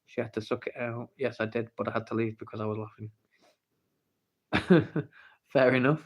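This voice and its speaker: A man's voice: medium pitch, fairly even intonation, normal speed. An English man hosting a casual livestream, reading the chat and playfully pestering viewers for the story. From England. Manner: playful, teasing, pleading for the story. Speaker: livestream host. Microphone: phone.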